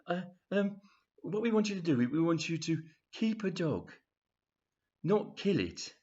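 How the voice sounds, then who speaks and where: A man's voice: sits high, animated, unhurried, a little mellow, highs cut off, pitched above the performer's own voice. A man voicing an eager young charity collector who gets flustered.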